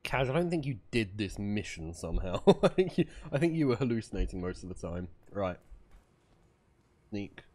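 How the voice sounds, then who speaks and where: A man with a low voice that swings up and down a lot talks through a video game as he plays. He swears freely and narrates every attempt. Now and then he slips into playful put-on voices. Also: sing-song, moderate pace, darkish tone. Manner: swearing, talking through each move aloud. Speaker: game streamer. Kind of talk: live gameplay commentary.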